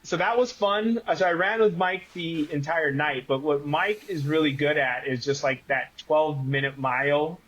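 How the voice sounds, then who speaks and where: A man's voice: on the high side, normal speed, hardly any pauses, rough recording. A man, a guest on a running podcast, telling stories in casual conversation with lots of "like" fillers. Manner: animated storyteller, many fillers like "like".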